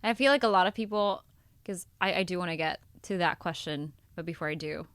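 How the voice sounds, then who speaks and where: A woman's voice: on the low side, a little fast, clean tone, no echo. A woman hosting a casual podcast interview, speaking in an encouraging, heartfelt way. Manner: warm, encouraging, emotional. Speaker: voice teacher and podcast host.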